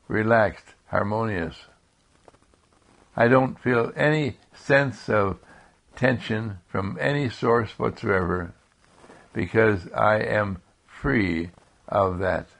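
Slow gravelly-voiced man, meditative. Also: fairly low pitch. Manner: repetitive, calm affirmations. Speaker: spiritual speaker. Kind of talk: slow meditative spiritual talk.

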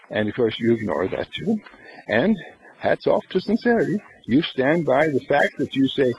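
Here a man gives an uplifting spiritual lecture, asking questions of the audience and supplying the answers himself while playing out small scenes in everyday voices. His gravelly, slightly rough voice is medium-pitched and sing-song, at a moderate pace. Audio quality is poor.

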